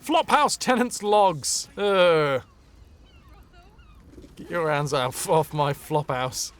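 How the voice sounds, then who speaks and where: A man's voice: on the high side, sing-song, slow pace, fairly bright tone. A young man streaming a video game, chatting and joking playfully as he plays. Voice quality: jokey, playful, sings snippets. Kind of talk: live game commentary.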